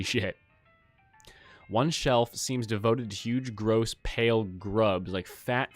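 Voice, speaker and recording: A man streaming a game, reading its text aloud in a casual, jokey way. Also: fairly low pitch.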